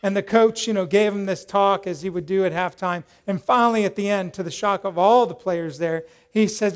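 Animated high-voiced male preacher. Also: brisk, hardly any pauses, smooth. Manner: animated storyteller, acts out quoted voices loudly, drops to soft prayerful tone. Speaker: pastor. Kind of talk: sermon with storytelling.

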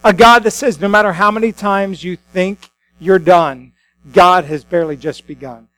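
A man's voice: sits high, moderate pace, sharp tone, low-quality recording. A man, a pastor, preaching a sermon in a conversational storytelling way with frequent restarts.

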